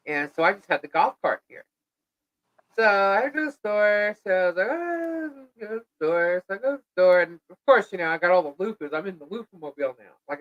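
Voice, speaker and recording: A middle-aged woman co-hosting a live podcast, chatting casually and telling an animated story in which she acts out what people said. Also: low voice, no room sound, muffled recording. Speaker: podcast co-host.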